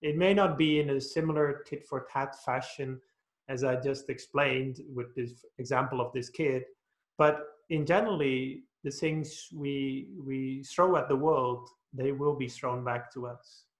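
A man's voice: medium pitch, steady tone, a little slow. Man giving a dharma talk. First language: Dutch. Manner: patient, explaining with stories and many "uh"s. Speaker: Buddhist meditation teacher. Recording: roomy echo.

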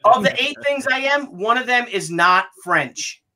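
A man hosts with an excited, teasing energy. He keeps stalling before each reveal. His voice has a sharp, bright edge. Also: very high voice, a little slow. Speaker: host. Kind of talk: casual family chat.

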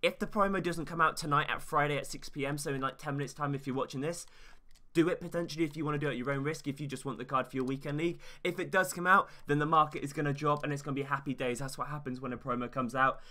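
Young man, gaming YouTuber, casual, fast-talking, sharp bright tone. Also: fairly high pitch, steady tone. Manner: fast, chatty, hyped, talks straight to viewers.

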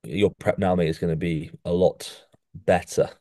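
A young man with a very deep, mellow voice chats casually as a podcast co-host and coaches in an animated way, ending nearly every line with "mate". The recording is dry and close, with no room sound. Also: normal speed, no room sound. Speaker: podcast co-host rating physiques. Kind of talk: casual chat. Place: podcast studio.

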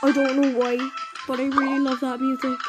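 Excitable female gamer, high voice. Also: fairly quick, low-quality recording. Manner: chatty and excitable, talking to viewers while playing. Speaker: gameplay video maker. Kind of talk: casual gameplay commentary. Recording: loud game music behind.

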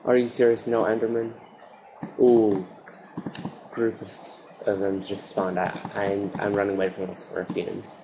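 A lower-voiced man narrating his survival game run, swinging from quiet muttering to sudden excited shouts at the monsters. His voice sits over a clearly audible noise floor, like a home setup. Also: measured pace. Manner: excitable, yelling at mobs, frequent outbursts. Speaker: gaming commentator. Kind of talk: Minecraft let's play commentary.

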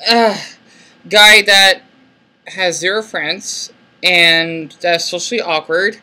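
A man in his late twenties with an American accent and a squeaky voice, talking in a soft-spoken, hesitant way with many fillers and restarts into a laptop mic in a casual vlog. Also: fairly even intonation, slow. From United States. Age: late 20s. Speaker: vlogger. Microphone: laptop built-in mic.

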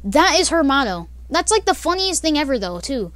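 A woman's voice: high voice, big pitch swings, brisk, fairly bright tone, no room sound. A young woman telling a casual storytime, rambling with many fillers and laughs. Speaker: vlogger.

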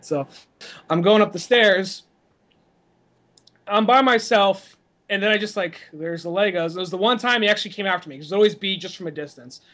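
A man co-hosting a podcast, telling animated stories in casual chat with plenty of swearing. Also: high voice, a little fast. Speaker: podcast co-host.

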